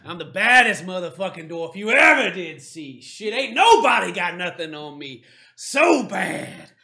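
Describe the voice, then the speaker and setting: Guy doing a loud drunk dwarf bragging and trash talking, high bright voice. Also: big pitch swings, measured pace, heavily acted. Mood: swaggering. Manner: loud swaggering trash talk, crude slang. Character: drunk boastful male dwarf brawler named Florida.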